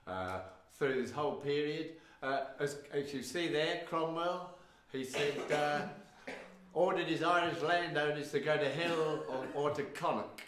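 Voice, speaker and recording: An English folk storyteller and performer introduces folk stories live on stage at a music venue, rambling with plenty of fillers and wry asides. His mid-range voice has a fairly bright tone. The hall is echoey, the mic sits far off, a guitar plays faintly behind, and there's slight background noise.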